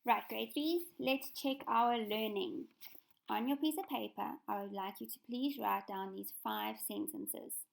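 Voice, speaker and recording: A woman teaching a remote lesson to young children in a patient, clear instructional tone. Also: a little high, measured pace. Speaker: primary school teacher.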